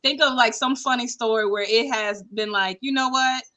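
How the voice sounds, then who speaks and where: A woman hosting a casual panel podcast, talking in a lively, conversational way. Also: a little high, normal speed. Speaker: podcast host.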